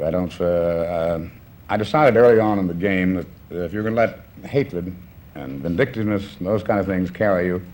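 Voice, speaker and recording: A man's voice: low-pitched, a little fast, a little mellow. A man in his fifties from New Orleans, a talk show guest chatting casually and recounting events with quoted back-and-forth dialogue. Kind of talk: casual chat. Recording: faint background hiss, 1960s television audio.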